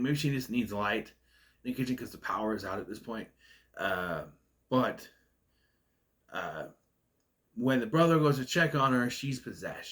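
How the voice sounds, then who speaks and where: Male film reviewer with a stutter, ranty and nitpicky, mid-pitched, casual vlog delivery. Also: a bit bright. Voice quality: stutters, stalls on words. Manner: ranting, nitpicky. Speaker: movie reviewer.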